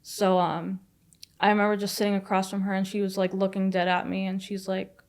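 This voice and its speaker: A woman's voice: medium pitch, level tone, a little mellow. Woman telling a story with lots of "like". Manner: fast, filler-heavy retelling with frequent "like" and swearing. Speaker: guest. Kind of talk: casual storytelling.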